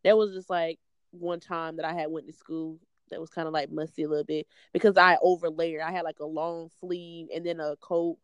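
A woman's voice: deep voice, little pitch movement, fairly quick, clear, resonant tone, dry recording. A young woman, chatting casually on a podcast with playful asides. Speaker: podcast co-host.

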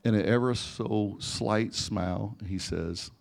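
A middle-aged man, a pastor, telling a personal story in an animated sermon before a live audience, sometimes rising to near-shouting. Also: fairly low pitch, takes it slowly, creaky, few pauses. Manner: animated, rising to near-shouting in emotional parts, frequent restarts. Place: church or conference hall before a live audience.

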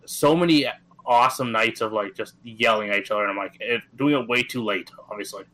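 A man's voice: lowish voice, brisk, sharp tone, rough recording. A man in his thirties from Atlantic Canada, co-hosting a gaming podcast in easygoing casual chat. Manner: easygoing, many fillers and restarts. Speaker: podcast co-host.

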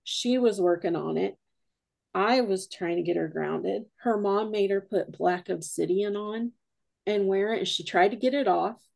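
A woman's voice: medium pitch, a little slow, vocal fry, darkish tone. A woman guest on a podcast, a paranormal investigator, telling a rambling story full of quoted dialogue in a casual way.

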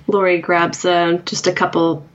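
Low-voiced woman player, lo-fi. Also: little pitch movement, a little slow. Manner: hesitant, with many fillers. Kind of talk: tabletop game play. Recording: dull lo-fi sound.

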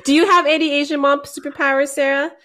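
A woman's voice: sits high, little pitch movement, fast talker, fairly bright tone. A woman hosting a casual chat about motherhood, playful and laughing often as she tells family stories. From Filipino family. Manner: playful, laughs often, mimics her mom.

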